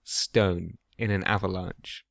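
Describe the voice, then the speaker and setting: A man's voice: deep voice, little pitch movement, takes it slowly, vocal fry, fairly bright tone, no room sound. A young British man co-hosting a podcast, dry and curious, asking playful questions. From Britain. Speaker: podcast co-host. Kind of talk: casual chat.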